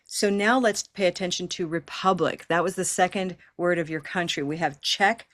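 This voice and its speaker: A woman leading an online pronunciation class over a video call, encouraging and repeating words slowly for learners to copy. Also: lowish voice, fairly bright tone. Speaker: pronunciation teacher.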